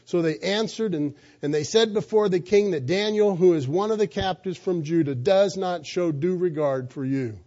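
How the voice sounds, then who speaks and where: Male preacher, high pitch, mellow tone, emphatic sermon storytelling. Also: moderate pace, dull audio. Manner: emphatic storytelling with rhetorical questions.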